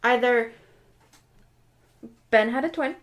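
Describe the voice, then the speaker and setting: A woman's voice: fairly high pitch, takes it slowly. A woman co-hosting a podcast in casual chat, giving blunt, matter-of-fact opinions. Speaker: podcast co-host.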